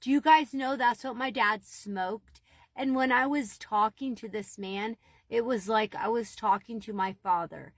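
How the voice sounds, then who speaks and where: Husky woman telling a storytime vlog. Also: a little high, a little slow, no echo. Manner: emotional, rambling, addresses viewers as you guys. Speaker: TikTok storyteller. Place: Southwest Florida.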